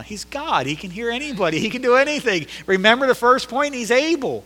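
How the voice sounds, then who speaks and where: A male pastor preaching a sermon, emphatic and repetitive, swinging between loud declarations and hushed lines in a church sanctuary. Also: sits high, expressive, normal speed, hardly any pauses. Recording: long hall reverb.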